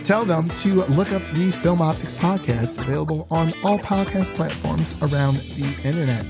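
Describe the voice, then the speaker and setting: A man's voice: on the high side, moderate pace, vocal fry, music in the background. A man co-hosting a podcast, chatting casually and laughing often as he rambles through a review. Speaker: podcast co-host.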